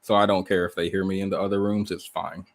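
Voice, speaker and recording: A man hosting a casual livestream from a rented room indoors, telling stories in an animated way and firing off rhetorical questions. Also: sits low, quick pace. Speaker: livestream host.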